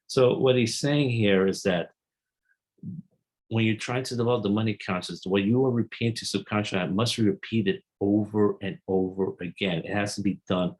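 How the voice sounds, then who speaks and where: A man's voice: lowish voice, low-quality recording. A man giving an earnest, explanatory summary of a self-help book, reading quotes aloud and then explaining them.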